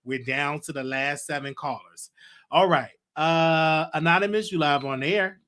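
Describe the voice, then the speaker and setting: A man's voice: a little high, moderate pace, fairly bright tone. A man hosting a live call-in show, casual and playful with callers. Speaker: host.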